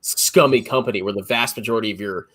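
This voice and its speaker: A man's voice: lowish voice, fast talker, a bit bright, slightly rough. A man co-hosting a casual livestream chat, blunt and sarcastic.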